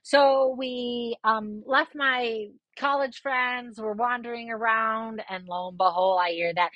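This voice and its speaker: A woman in her fifties casually telling a personal story, lively and swearing, jumping up in pitch when she quotes people. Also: slow pace, no room sound, dull audio.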